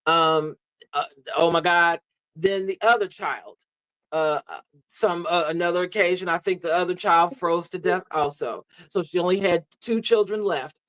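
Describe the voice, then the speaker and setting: A man telling a story in a live audio discussion, halting and full of fillers. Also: high voice, bright, forceful tone, no echo, low-quality recording. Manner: halting, many fillers and restarts. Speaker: guest speaker.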